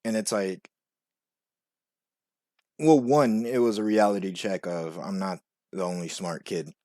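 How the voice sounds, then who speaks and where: A young man telling a rambling personal story, full of "like" and "you know", now and then acting out quoted voices much higher. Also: steady tone, measured pace, a little mellow, dry recording, studio quality. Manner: rambling, filler-heavy with frequent "like" and "you know". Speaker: vlogger. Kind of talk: casual storytelling monologue.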